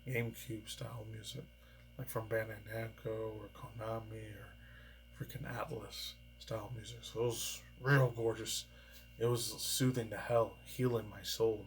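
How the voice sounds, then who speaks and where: A man's voice: on the low side, a bit bright, slight background noise. A man vlogging in casual, rambling commentary, swearing freely and often laughing. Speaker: reaction and news vlogger.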